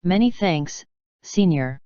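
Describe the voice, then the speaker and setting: A woman's voice: lowish voice, lively intonation, slow, dark tone, clear, resonant tone, no echo. A woman voicing a determined, humble young male fighter in a storybook reading, in a dull, dry recording. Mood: earnest. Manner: earnest, humble.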